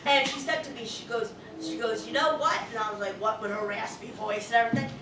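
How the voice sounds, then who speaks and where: A woman psychic medium talking to a live audience, loud, rambling and full of cursing. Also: a little high, fairly even intonation, quick pace, noisy background. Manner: loud, profane, rambling storyteller. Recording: echoey room, far from the mic.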